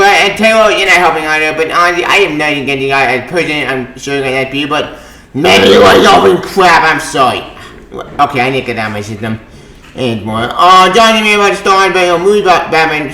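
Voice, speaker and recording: A man giving a casual ranting commentary vlog about comics. He talks with a lot of passion, swears often and swings into angry shouting. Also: on the high side, reverberant, rough recording. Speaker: comics vlogger.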